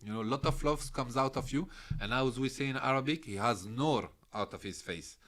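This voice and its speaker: A man's voice: medium pitch, fairly quick. A man, a podcast guest telling stories casually and animatedly, laughing often. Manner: animated, laughs often, drops into character voices. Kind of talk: casual storytelling.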